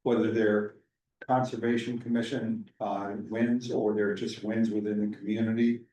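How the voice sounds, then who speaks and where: A man on a town commission making a suggestion during a public meeting, in a measured way with a few restarts. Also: fairly low pitch, slight background noise. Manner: even, measured, some restarts. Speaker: commission member. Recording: roomy, distant meeting audio.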